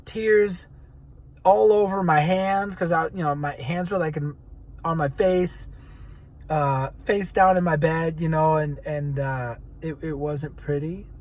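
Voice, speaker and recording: A man's voice: a little high, steady tone, takes it slowly, a little mellow. A man vlogging in an earnest, searching way, with many fillers as he reflects. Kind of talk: reflective personal vlog.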